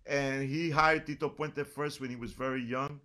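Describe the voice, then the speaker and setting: A man's voice: mid-range voice, fairly even intonation, normal speed, a crowd in the background. A man hosting an interview, reacting with admiring interjections and filling in background for the listeners. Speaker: interviewer host.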